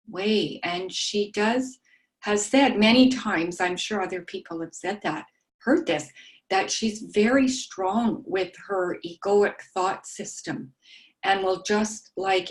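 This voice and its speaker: A woman sharing in a study group, soft-spoken and halting, with frequent pauses and ums. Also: mid-range voice. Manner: describes herself as meek and mild.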